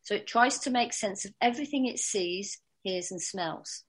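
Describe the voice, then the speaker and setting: A woman giving calm, explanatory instruction about dog behaviour. Her voice sits at a middle pitch, and she talks with the occasional small restart. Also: moderate pace, slightly rough. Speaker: dog trainer. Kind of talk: spoken instruction.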